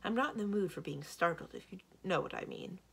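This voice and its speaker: A woman's voice: on the low side, expressive, fairly quick, creaky, fairly bright tone, slightly rough, full character voice. Mendibar, a wary young wizard-king, as a woman reads him. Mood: wary, dry. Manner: dry, wary questioning. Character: wry cautious young male wizard-king.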